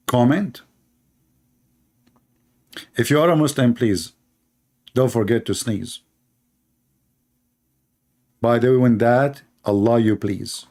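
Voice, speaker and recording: A man's voice: mid-range voice, darkish tone. A man giving a sarcastic, mocking religious polemic in non-native English. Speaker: religious debater. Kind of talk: polemical monologue.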